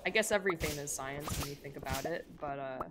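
A young woman streamer chatting casually with viewers while playing, rambling with lots of "like" and quick laughs. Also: deep voice, very noisy. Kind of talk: casual gameplay chat with viewers.

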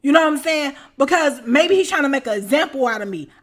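High-voiced woman telling a story. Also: fast talker. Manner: animated and profane, slangy. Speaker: vlog storyteller. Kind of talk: casual storytime.

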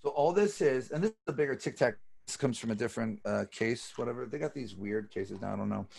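A man with a gravelly, creaky voice lectures on magic over a video call. He tells his story casually and with animation, swearing freely as he goes. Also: medium pitch, lively intonation, quick pace, darkish tone.

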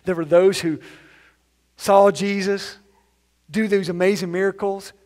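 Animated high-voiced male preacher. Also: unhurried. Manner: conversational, animated, acts out quoted voices. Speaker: pastor. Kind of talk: sermon. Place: church sanctuary.

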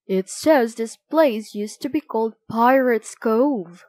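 Storybook bear father, calm, plain, woman reader, slow, dry sound. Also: fairly high pitch, no room sound. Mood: eager. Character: gentle bear father, middle-aged.

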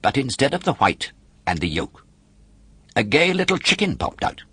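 A man narrating a children's novel audiobook in an expressive, dramatic storytelling manner. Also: medium pitch, moderate pace, slightly rough, no room sound.

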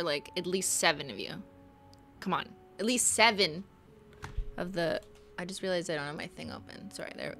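Bright-voiced woman streaming a game; casual, giggly, chats to viewers. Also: medium pitch. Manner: chatty, laughs often, reads game text aloud. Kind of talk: casual gameplay commentary.

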